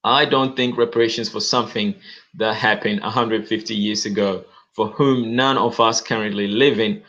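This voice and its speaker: Low-ish guy ranting through news commentary, says okay a lot, dull lo-fi audio. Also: fairly even intonation, moderate pace, a bit bright. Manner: emphatic, repeats words and peppers talk with "okay". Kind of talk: casual video commentary.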